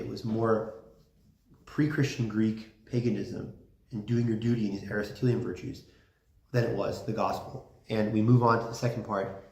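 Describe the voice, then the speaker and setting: A man giving a casual classroom lecture, chatty and full of fillers, with lively emphasis. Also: fairly low pitch. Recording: roomy classroom echo.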